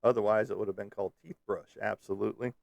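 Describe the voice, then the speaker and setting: Host type: male, low and gravelly, loose joking ramble, dry close mic. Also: steady tone, fast talker, darkish tone, dry recording. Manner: rambling, joking, lots of fillers. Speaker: live stream host. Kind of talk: casual live chat with viewers. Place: Kansas City area.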